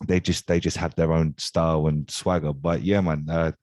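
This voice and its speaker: A man's voice: rumbling low, little pitch movement, normal speed, a little mellow. A man, co-hosting a casual podcast chat, swearing freely and stumbling over repeated words. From southern England. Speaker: co-host.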